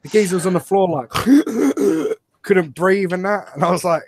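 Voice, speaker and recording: A man's voice: sits high, fast, no room sound. A young British man co-hosting a casual podcast, swearing freely and ribbing his mates. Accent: British English. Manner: sweary, mocking banter. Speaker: podcast co-host. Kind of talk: casual chat.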